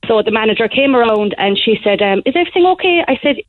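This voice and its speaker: A young woman on a tinny phone line, her voice sitting a little high. She talks in an animated, breathless rush, like a caller pouring out a story on air. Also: fast talker, no room sound. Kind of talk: phone-in call to a radio show.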